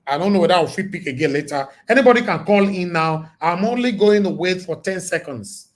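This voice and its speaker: A Nigerian man hosting a live call-in show, talking emphatically and preachily, with his voice going hoarse. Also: high-pitched, expressive, fairly quick. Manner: emphatic and preachy, loud bursts. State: losing his voice. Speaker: host.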